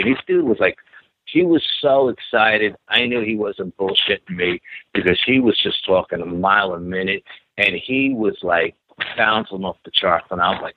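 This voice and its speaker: A man excitedly retelling a story from his youth, acting out what people said and repeating himself. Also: fairly low pitch, normal speed, no echo. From New York. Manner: animated, repeats himself, acts out quotes. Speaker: guest telling an encounter story. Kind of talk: phone-in storytelling. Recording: tinny phone line.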